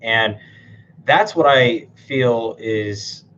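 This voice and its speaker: A man speaks straight to camera as a personality coach, blunt and profane, forever checking in with "right?". His voice sits mid-pitch. The recording is dull and lo-fi with a faint hiss under it. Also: extremely slow, fairly bright tone. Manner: blunt, swears a lot, tags sentences with "right?". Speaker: typology and NLP coach. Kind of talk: casual, profane talk to camera.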